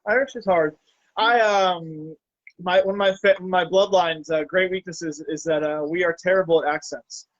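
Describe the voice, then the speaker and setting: A man's voice: high-pitched, steady tone, normal speed, no echo, dull audio. A man hosting a casual chat, talking hesitantly with many fillers and laughing easily. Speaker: podcast host.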